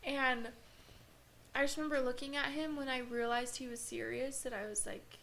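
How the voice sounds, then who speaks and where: A woman with a slightly high voice tells her story in an earnest, halting way and leans on fillers as she goes. A faint hiss of room noise sits under the recording. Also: flat delivery, fairly bright tone. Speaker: podcast guest. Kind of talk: emotional personal storytelling.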